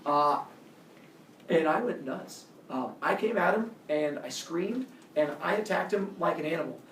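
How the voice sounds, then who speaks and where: A man's voice: on the high side, measured pace, reverberant, recorded from a distance, a little hiss or hum. A man, a coach, telling a personal story casually and acting out the voices of the people in it. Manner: animated, acts out quoted voices.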